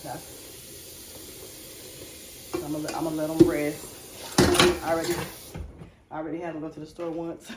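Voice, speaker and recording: A woman's voice: sits low, little pitch movement, a little fast, pauses often, echoey room, very noisy. A woman vlogger and mother, chatting casually and confidingly to her viewers while she cleans and cooks at home. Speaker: lifestyle vlogger, mother and wife. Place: home kitchen.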